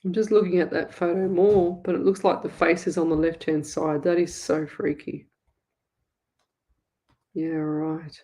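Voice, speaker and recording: An Australian woman hosts a live psychic show, reading viewer comments aloud and exclaiming excitedly, often laughing and adding affectionate asides. Her voice is low and she speaks unhurriedly.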